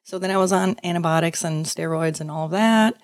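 Lady guest w a lowish voice, chatty storyteller, does the voices, laughs a lot, dry sound. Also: a little fast, dry recording. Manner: lively storyteller, acts out quoted voices, laughs often. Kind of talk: casual storytelling interview.

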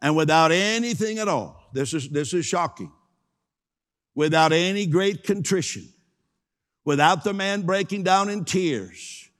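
A man's voice: sits high, unhurried, fairly bright tone, in a large hall. A man preaching a sermon, emphatic, repeating key phrases and asking the congregation to say them with him.

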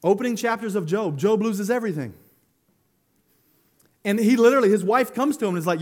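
A man preaching a sermon as pastor, animated, laughing and acting out quotes as he goes. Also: high-pitched, a little fast.

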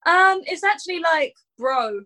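A woman's voice: very high voice, animated, a little slow, pushed and bright. A woman chatting casually, hesitant with many ums and giggly. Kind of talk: casual chat.

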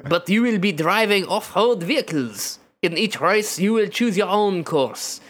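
Guy putting on a cheesy french accent, pompous race chairman, slow halting read, voice rises and falls a lot. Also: high-pitched, lively intonation, a bit bright, full character voice. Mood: explaining. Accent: exaggerated French put-on. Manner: slow, halting, over-enunciated reading.

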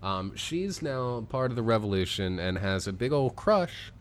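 A man's voice: medium pitch, very animated, normal speed, a little hiss or hum. A man co-hosting a casual chat, recapping a story in a jokey, rambling way. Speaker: podcast co-host.

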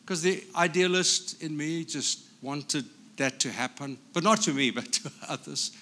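A man from Africa, a pastor, preaching a sermon in an animated, storytelling way. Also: on the high side, unhurried.

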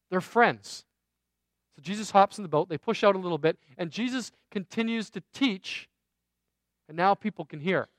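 A man's voice: high voice, moderate pace, a bit bright, dry recording. A man preaching a sermon, telling a story in a conversational way with self-deprecating asides. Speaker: pastor.

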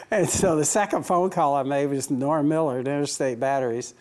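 A man's voice: a little high, moderate pace, a little mellow. Guy telling racing team stories in an interview, laughs a lot, acts out the back and forth. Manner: chuckling anecdotal storyteller, acts out dialogue. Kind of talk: storytelling interview answers.

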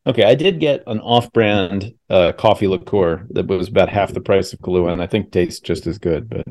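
A man's voice: low voice, normal speed, a little mellow, dry recording, clean studio sound. A male podcast host chatting casually over a video call, rambling and correcting himself as he talks.

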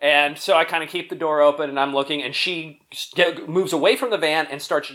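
A young man tells a comic neighborhood story to his co-hosts. He talks fast, with a bright, forward voice. He laughs often as he goes. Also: fairly high pitch. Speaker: podcast co-host telling a story. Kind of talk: casual comedic storytelling.

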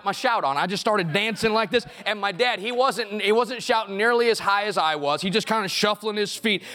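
Middle-aged pastor, clear bright tone, storytelling sermon in a church sanctuary. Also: male voice, sits high. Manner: storytelling, building to loud impassioned preaching.

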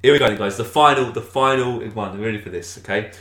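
A man's voice: fairly low pitch, fast talker, a bit bright. A man hosting a game of insults, playful and chatty, laughing often. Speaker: host running a game. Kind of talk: casual game banter. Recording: roomy echoey room.

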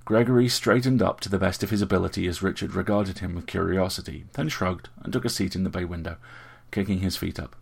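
Male audiobook narrator, measured storytelling, very low voice, gravelly texture.

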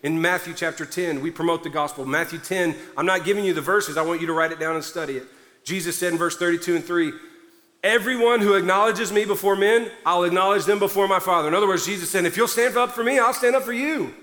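Fervent high-voiced man preaching in a hall. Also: quick pace. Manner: preaching loudly with fervent emphasis. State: somewhat out of breath. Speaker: pastor. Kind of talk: sermon. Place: large church hall before a congregation. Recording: long hall reverb.

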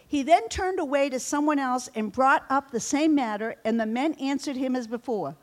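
High-pitched lady pastor preaching, reads the bible and plays out the lines, gets loud then soft. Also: moderate pace, hardly any pauses. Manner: animated, acts out quoted lines with shifting pitch and loudness. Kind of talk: sermon, reading and explaining scripture.

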